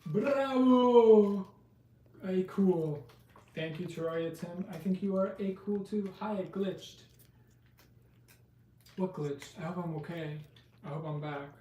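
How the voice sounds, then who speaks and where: Male stream host, unhurried, soft mellow tone, roomy far-off mic. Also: a little high, fairly even intonation. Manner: chatty, talks to chat, lists card names aloud. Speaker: live-stream host opening trading card packs. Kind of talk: casual live-stream chat. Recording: roomy, distant mic with faint noise.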